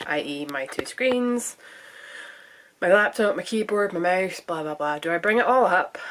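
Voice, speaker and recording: Scottish woman vlogger, lowish voice, rambling and chatty, casual home chat. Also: slight background noise. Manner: chatty, thinking out loud, rambling. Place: room at home.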